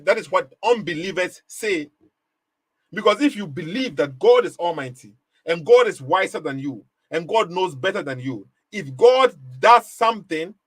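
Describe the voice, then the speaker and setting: A man's voice: high voice, dry recording. A man hosting a live commentary stream, pressing his point with repeated rhetorical questions and short laughs. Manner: rhetorical questions, emphatic and repetitive. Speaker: livestream host.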